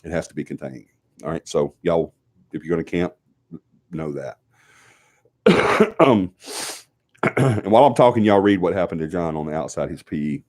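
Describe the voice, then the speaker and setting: A deep-voiced man with a Southern US drawl hosts a live stream, sniffly and stuffed up from a cold. He rambles through announcements in a chatty way, with plenty of fillers and restarts, but turns firm when he lays down the rules. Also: lively intonation, normal speed, pauses often, darkish tone. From Alabama, US South. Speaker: host of a paranormal team's live show.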